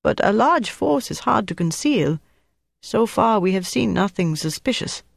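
Efficient young army officer, audiobook character read by the narrator, matter-of-fact briefing tone, dry close recording. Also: male voice, high-pitched, expressive, a little slow, gravelly, no room sound, voice pushed up, heavily acted. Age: young adult. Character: slight young German army captain, efficient.

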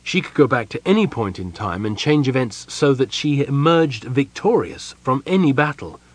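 Male fantasy audiobook narrator, husky tone, animated pitch, storytelling read. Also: moderate pace, no echo, rough recording. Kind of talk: scripted narration.

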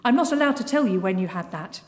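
An actress playing a chirpy female announcer who teases the listener in a bright, sing-song manner, in a comic radio sketch. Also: medium pitch, lively intonation, quick pace, lightly acted. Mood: teasing. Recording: echoey hall with loud background noise.

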